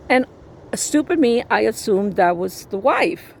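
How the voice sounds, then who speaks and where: A woman telling a personal story in a blunt, sassy, animated way. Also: a little high, a little slow, creaky, a little hiss or hum. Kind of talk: casual storytelling.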